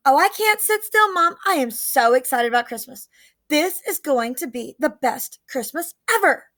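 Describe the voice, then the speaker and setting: Storybook figure: woman playing a bouncy, eager young boy, high voice. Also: lively intonation, moderate pace, a bit bright, dry recording. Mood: excited. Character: excited young boy narrator.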